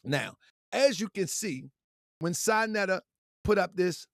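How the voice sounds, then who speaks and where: A man hosting an online commentary channel, preaching in a fiery, repetitive way that swings from shouting to quiet, laughing apologies. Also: high-pitched, expressive, unhurried, no room sound, clean studio sound. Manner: preachy, repetitive calls and answers. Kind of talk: fiery talking-head rant.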